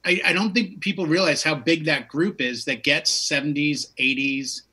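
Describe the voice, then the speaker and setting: A man's voice: on the high side, normal speed, sharp tone, slightly rough. A man in his fifties, a DJ hosting a casual music chat, who talks with enthusiasm and wanders off into long stories. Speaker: DJ and show host.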